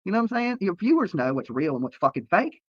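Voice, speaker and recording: A man's voice: sits high, big pitch swings, quick pace, dry recording. A man live-streaming from a hotel room, ranting at critics in a profane, heated and repetitive way. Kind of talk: late-night livestream rant. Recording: dull lo-fi stream audio.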